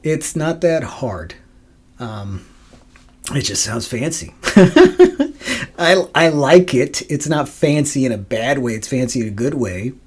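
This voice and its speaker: A man's voice: mid-range voice, breathy edge. A man hosting his own podcast in a casual solo monologue, rambling and profane, with frequent laughs and fillers. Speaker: podcast host.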